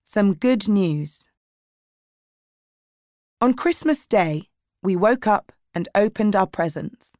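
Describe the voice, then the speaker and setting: A woman reading a chapter book aloud in a measured, clear narration. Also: mid-range voice, expressive, a little mellow, dry recording, clean studio sound. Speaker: audiobook reader. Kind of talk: scripted narration of a graded reader.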